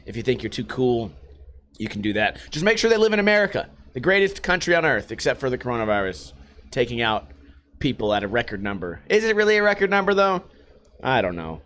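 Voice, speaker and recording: A man telling stories about his week in a casual, profane vlog monologue, animated and swearing often. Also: medium pitch, a little fast. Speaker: vlogger.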